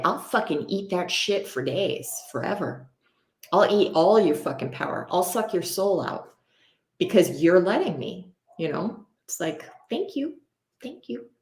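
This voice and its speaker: A woman talking bluntly and casually as a podcast co-host, swearing often and rambling with lots of fillers. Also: mid-range voice. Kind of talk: candid casual conversation. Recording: roomy echo.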